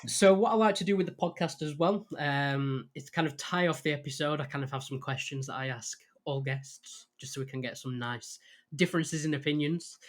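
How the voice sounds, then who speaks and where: A man with a mid-range voice hosts a casual podcast. He is friendly and easygoing, laughs along with his guest and asks his usual questions. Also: medium pitch. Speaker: podcast host.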